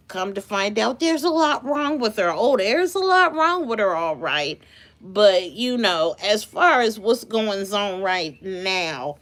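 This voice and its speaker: A woman chatting casually on a live stream, telling a story with animated energy and greeting her chat viewers. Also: a little high, measured pace.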